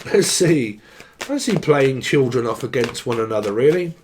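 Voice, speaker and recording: Tarot reader, a man, slow, cheeky and foul-mouthed. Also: medium pitch, animated, darkish tone, slight background noise. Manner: joking, swearing, breaks into song. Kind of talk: casual tarot reading.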